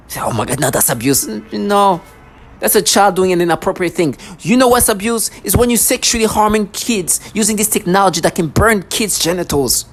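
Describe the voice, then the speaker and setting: Agitated woman ranting with sarcasm. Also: medium pitch. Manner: agitated, repetitive, stumbling restarts; sarcastic mocking asides. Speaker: vlogger. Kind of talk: ranting monologue to camera.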